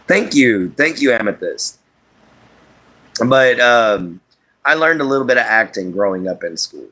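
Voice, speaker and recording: A man's voice: medium pitch, fairly bright tone. A man hosting a casual livestream, rambling in a folksy way, laughing often as he reads and answers viewer chat.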